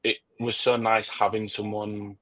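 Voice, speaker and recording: Young man, bright flat voice. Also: lowish voice, unhurried, low-quality recording. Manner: earnest, personal storytelling. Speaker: hairdresser. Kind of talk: panel discussion.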